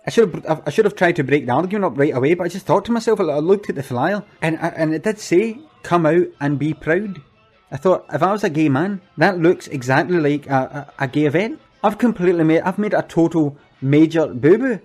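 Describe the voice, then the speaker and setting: Brief: man voicing an anxious event organiser, slightly high, stammering, apologetic. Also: animated, a little fast, faint music behind. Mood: rueful. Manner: stammering, repeats words, earnest and apologetic. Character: anxious, flustered middle-aged male community event organiser. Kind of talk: comic monologue.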